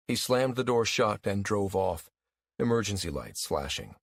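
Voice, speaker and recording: A man narrating a first-person audiobook in a weary, wry, even-paced storytelling manner. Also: lowish voice, unhurried, no room sound, studio quality.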